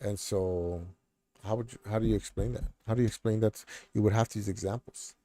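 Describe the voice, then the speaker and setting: A man's voice: on the low side, fairly even intonation, a little fast, warm tone, no room sound. A middle-aged man hosting a casual chat stream, rambling with lots of fillers and restarts. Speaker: streamer host.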